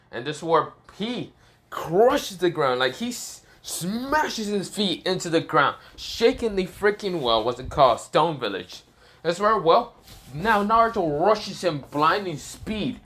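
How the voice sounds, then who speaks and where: A man's voice: medium pitch, fairly bright tone. A man casually telling an improvised fan story, rambling and swearing, full of fillers and self-corrections.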